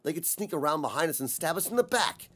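A man reading an audiobook, voicing a blunt, gruff young male warrior who sounds strained. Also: fairly high pitch, big pitch swings, quick pace, a bit bright. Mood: hushed.

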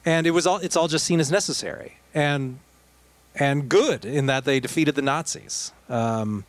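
A man of middling pitch co-hosts a political podcast. He talks in a relaxed, meandering way and drops wry asides as he goes. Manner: conversational, digressive, with wry asides. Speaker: podcast co-host. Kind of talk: casual political discussion.

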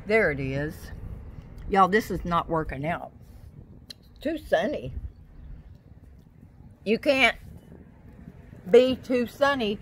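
A woman's voice: low voice, slight background noise. A woman chatting to viewers while she gardens outdoors, scattered and friendly, talking to her plants. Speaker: gardening vlogger. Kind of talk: casual chat to camera while gardening.

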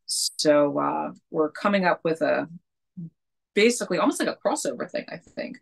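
A woman in her forties co-hosts a relaxed conversation, with a gravelly, slightly rough voice. She rambles, jokes about herself and her kids, and laughs easily. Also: low-pitched, normal speed. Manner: rambling, joking, self-deprecating, laughs often. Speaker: podcast co-host. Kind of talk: casual chat.

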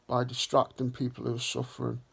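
A man hosting a vlog, talking slowly and earnestly in a reflective way. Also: medium pitch, monotone, creaky, slightly rough. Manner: slow, earnest and heartfelt. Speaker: vlog host.

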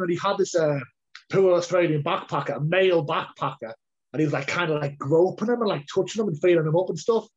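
A man's voice: a little high, a little fast, husky. A man, a heavyweight fighter telling a long story in a casual interview, rambling and repeating words. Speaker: heavyweight MMA fighter, guest. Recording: dull lo-fi audio.

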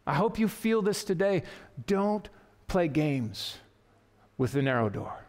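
A pastor preaching an earnest, emphatic sermon in a church. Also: male voice, high-pitched, very animated, takes it slowly, a little mellow, long reverb tail. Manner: earnest, emphatic preaching with quotes read aloud. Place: church sanctuary.

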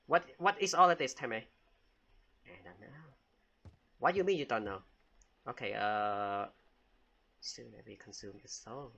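A man's voice: on the high side, bright, forceful tone. A man giving jokey, casual commentary while playing a game and talking back to it with frequent exclamations. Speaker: gamer.

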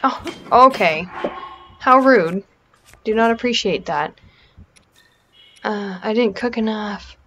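A woman's voice: mid-range voice, lively intonation, slow, long pauses, fairly bright tone, slight background noise. Chatty Canadian woman gaming. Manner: chatty, self-mocking, drops to a whisper when sneaking. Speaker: let's play gamer. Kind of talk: casual gameplay commentary.

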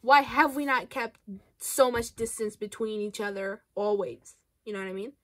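A young woman from Canada chats about makeup in a casual, playful vlog, reacting with animated exaggeration. Her voice sits a little high, and the sound is close and dry with no room echo. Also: moderate pace. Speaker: beauty vlogger.

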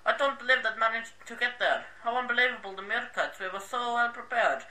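A man's voice: very high-pitched, a little fast, bright, forceful tone, exaggerated voice. A man voicing a distraught male meerkat campaign leader, speaking in a dismayed, despairing way. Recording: echoey, distant from the mic.

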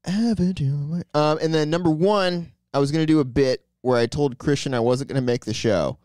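A man's voice: medium pitch, a little fast, a little mellow, clean tone, dry recording. A man hosting a comedy podcast, telling rambling, self-deprecating stories about bits he abandoned. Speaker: podcast host. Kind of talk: casual banter.

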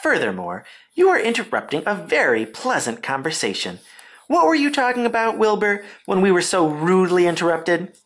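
A man voicing a calm, wise female spider in a storybook, steady and reassuring. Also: high voice, moderate pace, pitched above the performer's own voice, full character voice. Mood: sharp.

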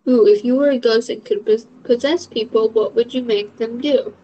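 Young woman vlogger, slightly high voice, chatty and rambling, muffled lo-fi recording. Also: normal speed, dark tone. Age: young adult. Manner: rambling, filler-heavy, frank. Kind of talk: casual chat answering question prompts. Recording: dull lo-fi audio.

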